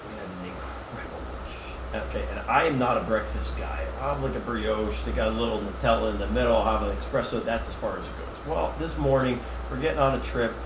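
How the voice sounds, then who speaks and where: Fast-talking man telling rowdy stories. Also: mid-range voice. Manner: animated, profane, comic storyteller who acts out quotes. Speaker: podcast guest. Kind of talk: casual storytelling chat. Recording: roomy, distant and noisy podcast mic.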